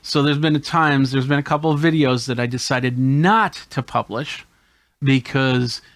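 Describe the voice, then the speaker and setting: Male tech host, mid-pitched, casual hands-on gadget walkthrough, dry close sound. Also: fairly bright tone, no room sound. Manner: explains hands-on while demonstrating gadgets. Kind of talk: casual gear demo.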